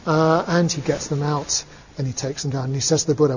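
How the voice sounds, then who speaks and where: A man telling a Buddhist story to his listeners in a relaxed way, chuckling and using many fillers. His voice is a little high. It is recorded dull and lo-fi, with a long reverb and faint ambience. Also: fairly quick, a little hiss or hum. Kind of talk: storytelling talk.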